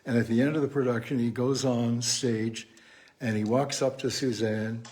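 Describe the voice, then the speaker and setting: A man's voice: mid-range voice, steady tone, normal speed, darkish tone. An older man co-hosting a casual chat, joking and telling rambling anecdotes. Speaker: co-host.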